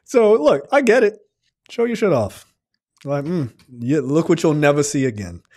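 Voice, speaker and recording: A man's voice: fairly high pitch, lively intonation, normal speed, a little mellow. A man in his forties co-hosting a casual film review, loose and profane, with many fillers and acted-out quotes. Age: 40s. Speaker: podcast co-host. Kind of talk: casual movie review chat.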